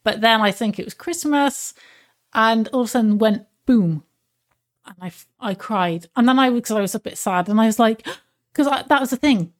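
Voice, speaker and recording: A woman with a fairly high voice, talking in a relaxed podcast chat. Her speech is halting, full of restarts and searches for the right word. She is open and emotional. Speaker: podcast co-host. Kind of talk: casual chat.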